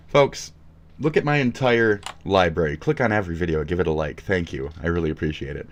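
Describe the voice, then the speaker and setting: Deep-voiced profane male streamer. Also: brisk. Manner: profane, mocking, loud taunting outbursts. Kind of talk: live reaction stream.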